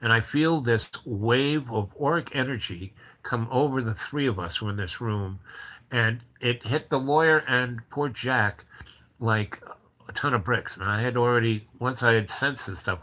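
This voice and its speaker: A man casually telling a rambling anecdote with animated restarts. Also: medium pitch. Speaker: storyteller.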